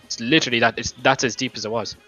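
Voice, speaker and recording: A young man argues over a gaming voice chat, talking in long, rambling runs and swearing freely. His voice is bright and sharp. The lo-fi headset sound has some faint music behind it. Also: mid-range voice, steady tone, fast. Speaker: gamer in voice chat. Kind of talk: heated voice chat argument.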